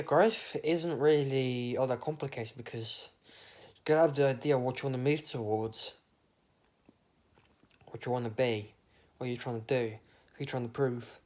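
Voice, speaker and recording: A man's voice: mid-range voice, fairly even intonation, moderate pace, a little mellow. A man, rambling through an absurd, meandering monologue with casual swearing. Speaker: vlogger.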